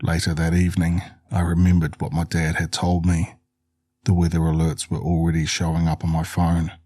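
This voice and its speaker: A man narrating a first-person horror story in a measured, even reading. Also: sits low, no room sound.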